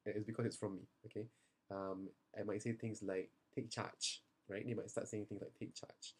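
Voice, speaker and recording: A man's voice: on the low side, level tone, a little fast, dark tone, breathy edge. A young man, a seminar trainer, talks earnestly and reassuringly to parents in a video message, with many fillers and restarts, tired after the seminar.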